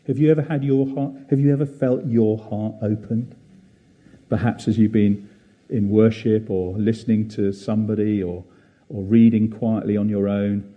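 Male preacher, low and very dark tone, unhurried and reflective, church service sermon. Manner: gentle, warm and reflective, with many fillers.

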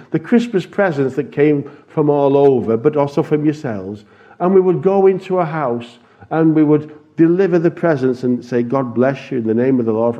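A man's voice: fairly high pitch, warm tone. A man earnestly telling a congregation a testimony from his mission work, with some restarts along the way. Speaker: church missions speaker. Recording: dull lo-fi recording.

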